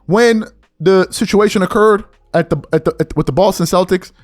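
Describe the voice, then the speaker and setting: A man hosting a podcast, delivering an opinion rant and mocking others in high, whiny put-on voices. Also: normal speed, soft background music. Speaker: podcast host.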